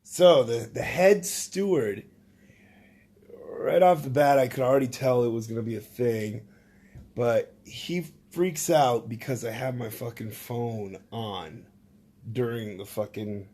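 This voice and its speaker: A man telling a rambling, profane comic story, swinging from loud outbursts to low mutters. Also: takes it slowly, slightly rough.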